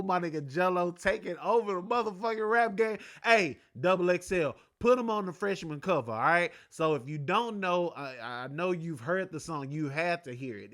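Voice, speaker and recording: A man's voice: on the high side, fairly bright tone. A man hosting his own sports talk show, rambling loosely and profanely in a casual solo chat. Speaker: podcast host.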